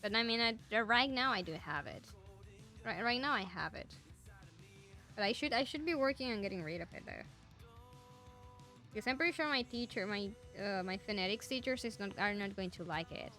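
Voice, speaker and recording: A woman's voice: mid-range voice, expressive, brisk, long pauses, sharp tone, soft background music. A young woman with a Spanish accent, a native Spanish speaker, chatting casually and enthusiastically with her stream viewers. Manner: enthusiastic, rambling.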